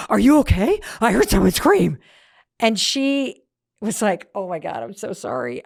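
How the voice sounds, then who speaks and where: A middle-aged woman hosting a motivational podcast, telling a story with emphatic, energetic delivery. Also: mid-range voice, no echo, studio quality. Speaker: podcast host. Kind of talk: motivational talk.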